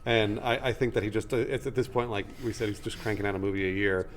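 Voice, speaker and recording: A man co-hosting a casual movie podcast, blunt and quick to agree. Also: fairly low pitch, steady tone. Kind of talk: casual film chat.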